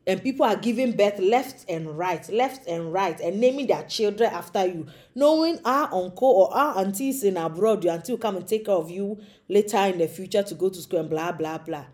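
A woman's voice: medium pitch, moderate pace, few pauses. A young woman from Africa, telling a comic monologue and slipping into small character voices. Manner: animated, acts out little voices. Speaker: comedic storyteller. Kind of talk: comedic monologue.

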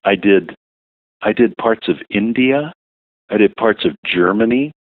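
A man, a voiceover artist, chatting casually as an interview guest, relaxed and self-deprecating with hesitant fillers. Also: on the low side, measured pace, dry recording. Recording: dry, tinny phone-like line.

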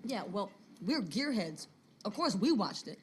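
A blunt foul-mouthed gearhead. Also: female voice, mid-range voice, big pitch swings, unhurried, slight background noise. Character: tough foul-mouthed gearhead woman, young adult. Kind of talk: film dialogue.

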